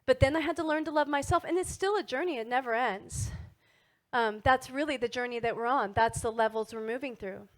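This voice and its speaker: A middle-aged woman giving a motivational wellness talk to an audience, animated and asking frequent tag questions. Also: high-pitched, brisk. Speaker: wellness speaker.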